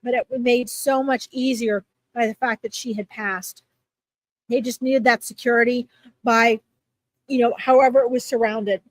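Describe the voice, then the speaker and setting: High-voiced woman giving chatty live readings. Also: fairly even intonation, moderate pace, dry recording. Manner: chatty, warm reassurance, filler-heavy. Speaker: psychic reader answering viewers.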